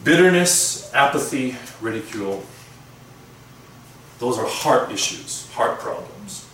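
A man's voice: medium pitch, expressive, background noise. Echoey preaching man from afar. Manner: conversational preaching with pauses and restarts. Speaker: pastor. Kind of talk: sermon. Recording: echoey room from far off.

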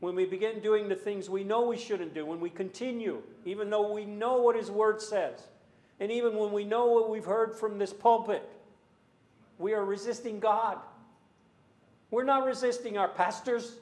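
A man preaching a sermon in a church, earnest and full of rhetorical questions, sometimes rising to loud emphasis. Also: high voice, steady tone, normal speed, reverberant.

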